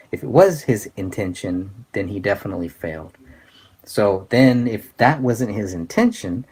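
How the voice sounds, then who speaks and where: Male host, lowish voice, earnest and halting, casual commentary, thinks aloud with pauses. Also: darkish tone. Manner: halting, many fillers and restarts, earnest. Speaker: podcast host.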